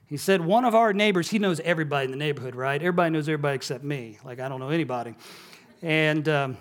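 Man preaching, fairly high voice. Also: rapid-fire. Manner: storytelling, conversational, drops soft and low on key words. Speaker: pastor. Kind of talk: sermon.

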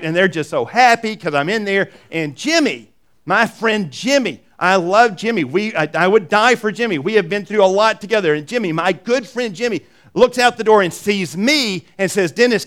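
A middle-aged man preaching a sermon, telling stories with emphatic repeats and quick asides. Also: a little high, fairly bright tone, smooth. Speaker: pastor.

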